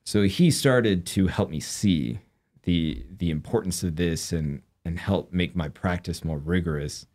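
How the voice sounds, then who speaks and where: Deep-voiced man explaining earnestly. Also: measured pace, a little mellow. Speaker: guest, former yoga practitioner. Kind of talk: interview conversation.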